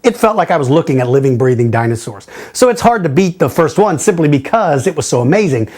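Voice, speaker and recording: Lively friendly man answering viewer questions. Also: a little high, a little fast, hardly any pauses. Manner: friendly, jokey, thinks aloud with fillers. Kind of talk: casual question-and-answer video.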